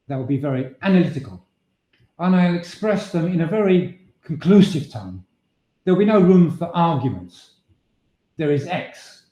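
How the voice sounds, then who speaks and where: A voice and presentation trainer presents a webinar on voice and leadership, his voice a little high with a dark tone. He explains his points in a steady, measured way but often restarts with fillers, and the room sounds echoey.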